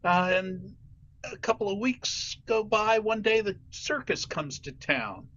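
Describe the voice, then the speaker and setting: Bright, animated man telling a joke. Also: high voice, takes it slowly. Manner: laughing, animated storytelling. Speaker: club member telling a joke. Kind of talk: joke telling at a club meeting. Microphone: video call. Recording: dull lo-fi video call audio.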